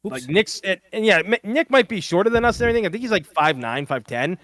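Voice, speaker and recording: A man's voice: high-pitched, sing-song, quick pace, a bit bright. A young man co-hosting a gaming livestream, rambling casually with many fillers. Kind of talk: casual chat.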